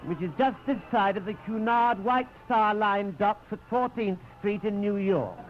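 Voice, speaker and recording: A man's voice: sits high, muffled recording. A man with a British accent doing a fussy, flustered mock sports broadcast in a 1930s radio comedy sketch, forever correcting himself.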